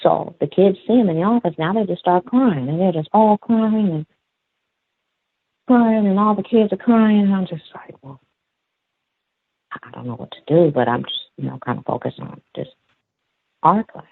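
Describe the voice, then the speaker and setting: A man calling in, telling a story from his school job in a rambling, halting way with many fillers. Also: sits high, animated, dry recording. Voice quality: gravelly, husky. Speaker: caller, school aide. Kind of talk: casual storytelling. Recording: dry, tinny phone line.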